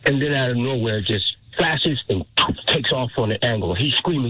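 A man's voice: medium pitch, animated, moderate pace, few pauses, bright, forceful tone, slightly rough, no room sound, poor audio. A man in his fifties, a veteran calling a radio show, telling a story earnestly and with emotion. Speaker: caller, military veteran.

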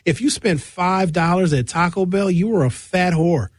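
A man's voice: moderate pace, no room sound. Male radio host with a raised voice, loose comic storyteller, dry close mic. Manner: loose, joking storyteller with big pitch swings. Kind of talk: comedic radio monologue.

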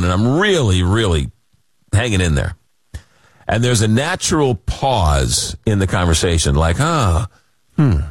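Speaking from a radio studio in a mid-range voice, this Long Island, New York man hosts a late-night call-in show. He chats casually, spinning rambling stories at his own expense. The audio is studio quality with no room sound.

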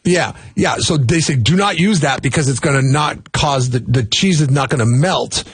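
A man's voice: medium pitch, normal speed, husky, dry recording. A man co-hosting a radio morning show, chatting casually on air in an opinionated, jokey way and often restarting his sentences. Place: radio studio.

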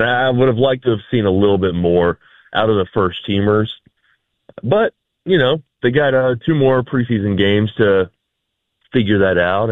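A man's voice: lowish voice, no echo. A man giving easygoing sports analysis with dry humor and many fillers. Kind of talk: casual sports talk. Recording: dry, tinny phone line.

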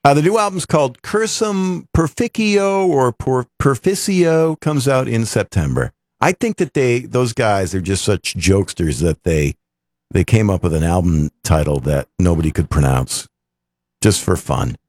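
A man's voice: low voice, normal speed, dry recording. A man hosting a rock radio show, chatting casually and joking with his co-host. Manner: lively, joking banter.

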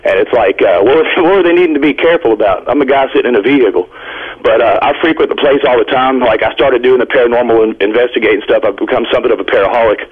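A man from Indiana calling in to a radio show, telling a rambling, excited story with nervous laughs. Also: mid-range voice, racing, husky. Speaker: caller. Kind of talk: phone-in storytelling. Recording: tinny phone line.

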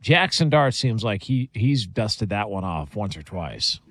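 A man hosting a casual sports talk show, setting up each story at an easy pace, with filler words. His pitch rises and falls with a lot of life. The sound is dry and close. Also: a little slow, dry recording. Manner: lively, chuckling setup of stories.

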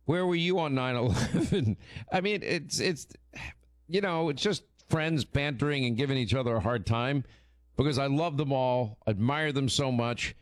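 A man hosting a radio show, telling stories in casual, animated, teasing on-air chat. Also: mid-range voice, moderate pace, no room sound, studio quality.

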